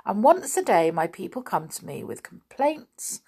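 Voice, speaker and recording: A woman's voice: mid-range voice, wildly swooping pitch, gravelly, warm tone, slightly rough, exaggerated voice. A woman voicing a grumbling dim-witted creature chief. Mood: puzzled. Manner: slow, puzzled, grumbling. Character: grumbling simple-minded male creature chief.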